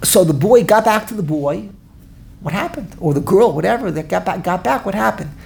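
Animated woman telling a lesson story. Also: mid-range voice, a little fast, creaky. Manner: animated, repeats herself, laughs while telling. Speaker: teacher leading a study class.

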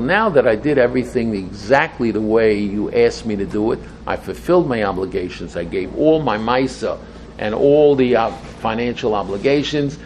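An older man giving an informal Torah class to a small group. He talks in an excitable, rambling way and mixes Hebrew phrases into his English. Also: medium pitch, slight background noise. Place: room with a small audience.

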